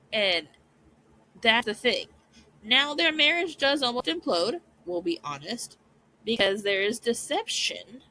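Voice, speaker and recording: A woman hosting a podcast talks through a story in casual commentary. Her voice is bright and forward, and she speaks at an unhurried pace. She keeps checking in with her listeners. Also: mid-range voice, slight background noise, rough recording. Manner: chatty, often asks "right?". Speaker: podcast host.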